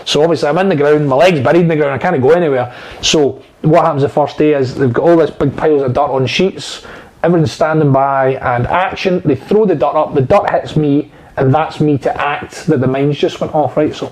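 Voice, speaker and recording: A man, an actor guest telling lively, swear-filled stories in a casual interview. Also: a little high, fairly quick, slight background noise, rough recording. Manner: animated storyteller, swears freely.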